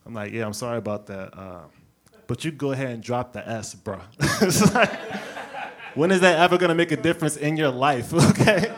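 A man from Brooklyn doing a stand-up set on a club stage, telling stories with lively character bits and laughing at his own jokes. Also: mid-range voice, fairly quick. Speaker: stand-up comedian.

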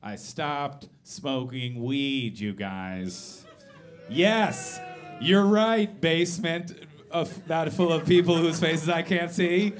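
Animated thirty-something male stand-up comic. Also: on the high side, faint music behind. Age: 30s. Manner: profane, self-mocking, quick asides to the crowd. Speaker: stand-up comedian. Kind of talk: live stand-up set. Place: basement comedy venue.

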